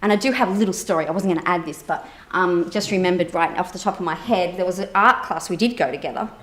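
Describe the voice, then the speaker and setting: A woman therapist giving a conference keynote, telling a personal story in a lively way, acting out quoted dialogue with many fillers. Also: lowish voice, fast talker.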